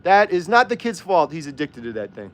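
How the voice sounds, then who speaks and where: A man's voice: fairly high pitch, sing-song, fairly quick, a little hiss or hum. A man hosting a livestream, arguing heatedly and firing off rhetorical questions while reading viewer comments. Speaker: host. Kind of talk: livestream chat and rant.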